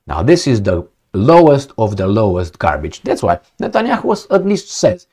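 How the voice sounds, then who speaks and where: A man's voice: medium pitch, wildly swooping pitch, moderate pace, darkish tone, husky. A man giving blunt, opinionated, sometimes profane commentary on news articles, rambling with many fillers and restarts. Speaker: political commentator.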